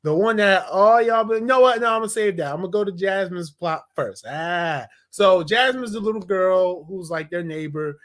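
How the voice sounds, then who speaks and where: A young man in a casual review vlog, animated and slangy, laughing as he retells scenes. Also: high-pitched, normal speed, few pauses. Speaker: TV episode reviewer.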